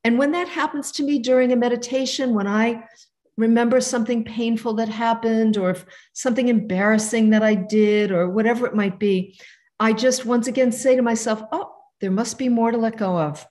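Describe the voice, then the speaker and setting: A woman in her fifties teaching a meditation lesson over a video call, gentle and conversational. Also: fairly high pitch, fairly even intonation, fairly quick. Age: 50s. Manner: warm, gentle, conversational with soft asides. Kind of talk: live online teaching.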